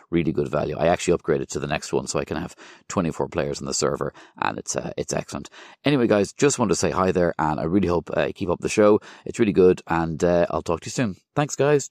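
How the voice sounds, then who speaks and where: A man's voice: low voice, vocal fry, a little mellow, no echo, studio quality. An Irish man leaving a friendly, chatty voicemail message for a podcast, with frequent uhs. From Ireland. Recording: phone voicemail.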